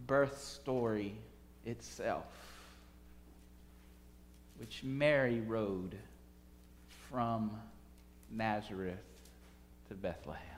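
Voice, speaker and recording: A man preaching a sermon, swinging from soft, quiet phrases to loud, urgent calls. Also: medium pitch, in a large hall, a little hiss or hum. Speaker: pastor.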